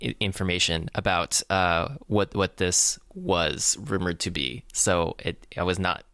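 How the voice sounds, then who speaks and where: A man co-hosting a casual tech podcast, talking in halting, self-deprecating restarts. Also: low-pitched, fairly even intonation, bright, forceful tone, clear, resonant tone, dry recording, studio quality. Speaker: podcast co-host.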